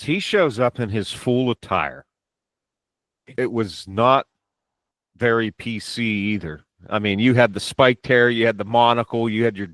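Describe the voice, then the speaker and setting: A man's voice: mid-range voice, fairly bright tone, no room sound. Rambling male podcast host telling stories. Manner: rambling anecdotes with frequent restarts. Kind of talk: casual storytelling chat.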